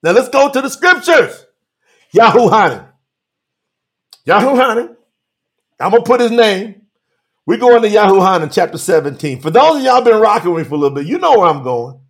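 A man preaching on a live stream, animated, calling out to viewers by name and reading scripture slowly for emphasis. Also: high voice, vocal fry. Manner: Southern-style 'y'all' address, drawn-out emphatic reading. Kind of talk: livestream sermon reading scripture.

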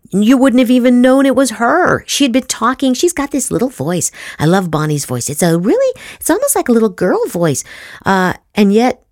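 Low-voiced woman teaching voice acting. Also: no echo, studio quality. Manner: animated, repeats herself, many restarts. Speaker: voice acting teacher, podcast host. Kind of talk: casual instructional talk.

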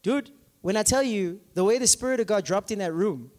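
A man's voice: sits high, a little fast. A male pastor preaching a conversational sermon, telling stories and often checking in with the congregation. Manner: animated, asks congregation often, many fillers. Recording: long hall reverb.

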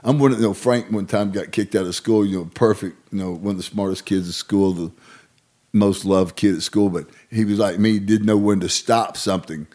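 Middle-aged man, lively raconteur, acts out the voices in his tales. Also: lowish voice, fairly quick. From Arkansas. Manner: animated, acts out voices in stories. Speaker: guest storyteller. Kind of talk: casual storytelling.

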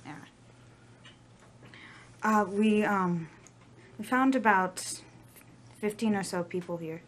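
A woman's voice: medium pitch, slow pace. Woman player at a tabletop game, playful, faint hum behind. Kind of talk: casual tabletop play.

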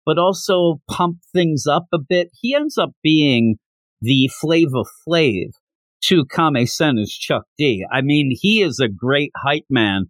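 Animated man recapping a comic chapter. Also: fairly high pitch, slow, no echo. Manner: animated, giggly, acts out dialogue. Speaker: podcast host reviewing manga.

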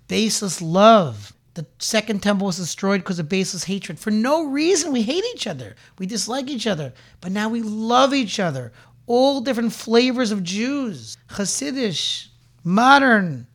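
A Jewish inspirational speaker giving an impassioned talk. The speaker tells stories, weaves in Hebrew and Yiddish terms, and builds through repeated lines to rallying calls. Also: mid-range voice. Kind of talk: impassioned religious exhortation.

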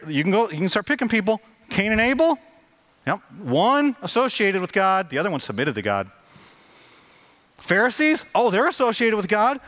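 Animated, lively-voiced male pastor preaching. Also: a little high. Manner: animated, conversational preaching with acted-out quotes. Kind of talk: sermon.

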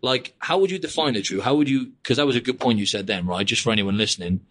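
Fast-talking chatty male podcast host. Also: mid-range voice. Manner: chatty, rambling, drops "mate" and "like" constantly. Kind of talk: casual podcast chat.

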